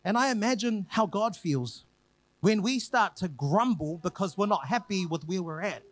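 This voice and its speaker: A man preaching a sermon, retelling a scripture story with lively acted quotes and repeated phrases. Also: sits high, normal speed, no echo.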